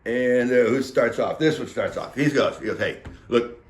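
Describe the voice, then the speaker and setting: A man of average pitch talks through a recap in a loose, rambling way, leaning on fillers and slipping into the voices of the people he quotes. His voice carries a roomy echo. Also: normal speed. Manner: chatty, filler-heavy, acts out quotes. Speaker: local government meeting recapper. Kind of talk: casual spoken recap.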